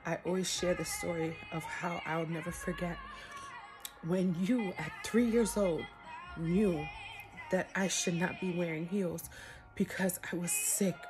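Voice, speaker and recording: A woman recording a heartfelt graduation message for her niece, tearful and crying as she talks, earnest and rambling. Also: lowish voice. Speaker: aunt giving a graduation message. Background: music.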